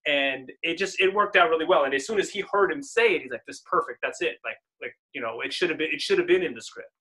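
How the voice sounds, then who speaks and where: A man in his forties chats casually as a podcast co-host. His voice is bright and a little high, and he laughs easily and retells scenes with energy. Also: fast talker. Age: 40s. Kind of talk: casual chat.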